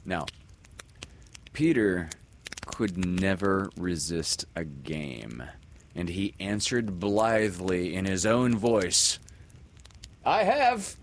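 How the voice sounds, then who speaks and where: A man reading a children's story aloud in an expressive, lilting storyteller manner. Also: low voice, takes it slowly. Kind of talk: storybook read-aloud narration.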